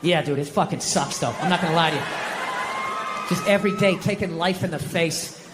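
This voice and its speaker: A man's voice: a little high, fairly quick, over a noisy crowd. A man performing a stand-up comedy set live on a windy stage, ranting and mocking himself with lots of swearing. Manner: profane, ranting, self-mocking. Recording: reverberant live venue with wind noise.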